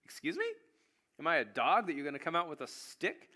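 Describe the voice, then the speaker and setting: A man's voice: fairly high pitch, very animated, a little fast, pushed and bright, exaggerated voice. A man voicing a boastful giant male warrior who taunts his enemies in a casual, mocking way. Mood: scornful.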